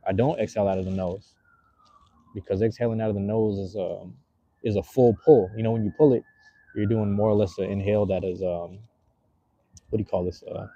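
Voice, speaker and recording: A man hosts a laid-back livestream, talking around a cigar and answering his chat in loose, slangy rambles. His voice is very dark and husky and sits a little low. The audio is dull and lo-fi. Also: no echo. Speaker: livestream host.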